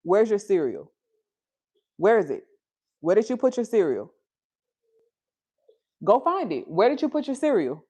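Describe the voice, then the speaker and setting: A woman's voice: medium pitch, very animated, unhurried, long pauses, a little mellow, slightly rough. A young woman chats casually to her livestream viewers from a busy family home. She keeps breaking off to coax and scold her toddler, then picks the chat back up. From Houston, Texas. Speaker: livestream host.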